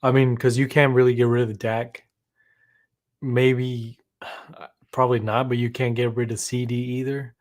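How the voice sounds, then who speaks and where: Mid-pitched male co-host, subdued and hesitant. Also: level tone, unhurried, a little mellow. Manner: subdued, glum, hesitant with many ums. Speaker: podcast co-host. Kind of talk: casual sports chat.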